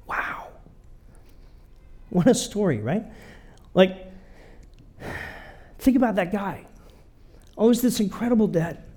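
A man's voice: high-pitched, dark tone. A man preaching a sermon in a conversational way, often checking in with his listeners. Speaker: pastor.

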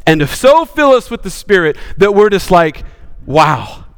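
Impassioned preacher man, high and lively. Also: normal speed, smooth, long reverb tail. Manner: impassioned preaching with sweeping rises and sudden hushed drops. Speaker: pastor. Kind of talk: sermon.

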